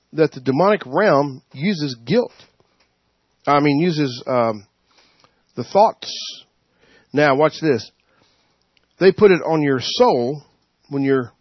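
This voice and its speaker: Man preaching, husky voice, fairly high pitch, animated, dull dry recording. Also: no room sound. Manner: animated, laughs, acts out quotes. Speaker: Bible study teacher. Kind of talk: informal preaching. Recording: dull, muffled sound.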